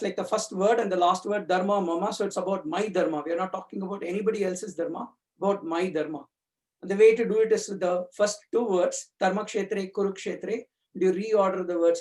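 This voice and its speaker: Speaking thoughtfully about his own spiritual reading, this community speaker often restarts and fills pauses while hunting for the right words. His voice sits high and has a slightly mellow quality.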